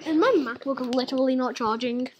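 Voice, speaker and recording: A woman's voice: high-pitched, fast talker, muffled recording, a little hiss or hum. A young woman, in her teens, hosting a casual gaming video with chatty, giggly, teasing talk. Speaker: gaming channel host.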